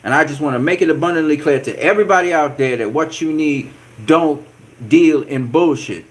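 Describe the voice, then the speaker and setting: Male boxing vlogger, animated and profane, casual delivery. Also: fairly high pitch, fairly quick. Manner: animated, profane trash-talk with repeated catchphrases and laughs. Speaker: boxing channel host. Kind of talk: casual boxing commentary vlog.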